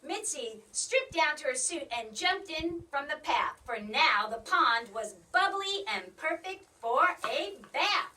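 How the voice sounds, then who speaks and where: A woman reading a rhyming picture book aloud in a sing-song, animated way, in a school library. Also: high voice, slow pace, hardly any pauses. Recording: distant mic.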